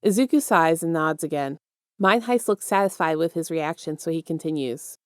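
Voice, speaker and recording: Woman narrating fan fiction, lowish voice. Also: normal speed, clean tone, dry recording, studio quality. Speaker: podfic reader. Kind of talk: audiobook-style fiction narration.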